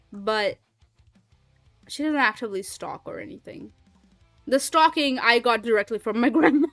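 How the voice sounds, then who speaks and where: A woman's voice: on the high side, fairly bright tone, no echo. A young woman streaming, chatting casually and rambling with lots of fillers and frequent laughs. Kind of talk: casual livestream chat.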